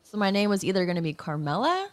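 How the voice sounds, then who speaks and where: A woman from Massachusetts, a professional wrestler, telling stories as a guest in a casual interview. She is animated and chatty and laughs often. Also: medium pitch, quick pace.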